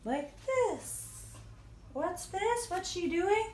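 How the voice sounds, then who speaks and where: A woman's voice: extremely high pitch, animated, drawn-out words, slight background noise. A woman reading a children's picture book aloud and leading simple yoga poses, playful, with animal sounds. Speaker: children's storytime host. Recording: roomy echo.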